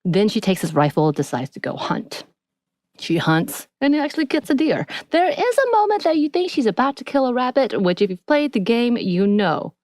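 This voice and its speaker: A woman co-hosting a podcast, casually recapping a TV episode in a chatty, animated way. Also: a little high, moderate pace, no room sound. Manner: chatty, animated retelling with acted-out quotes. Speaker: podcast co-host.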